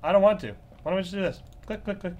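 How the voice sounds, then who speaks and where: A man's voice: high-pitched, racing, background noise. A man giving nervous, joking, profanity-laced commentary while playing a horror game. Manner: jumpy, swearing, nervous joking asides. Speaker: gaming channel host.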